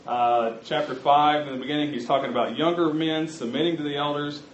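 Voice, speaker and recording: A man's voice: fairly high pitch, fairly even intonation, fairly quick, a little hiss or hum. A man preaching a sermon, talking conversationally and speaking directly to his congregation. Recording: roomy, slightly muffled recording.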